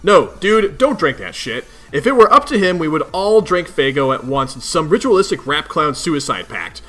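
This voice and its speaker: A man voicing a cranky, foul-mouthed teenage male troll leader who rants in gruff exasperation. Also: fairly high pitch, big pitch swings, normal speed, pushed and bright, full character voice. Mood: exasperated. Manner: gruff, exasperated ranting with heavy swearing.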